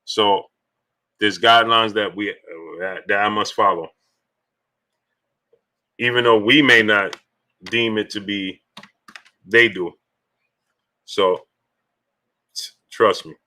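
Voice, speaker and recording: A man's voice: fairly low pitch, fairly even intonation, slow pace, pauses often, pushed and bright. A man hosting a boxing livestream in casual chat, greeting viewers by name as he talks loosely.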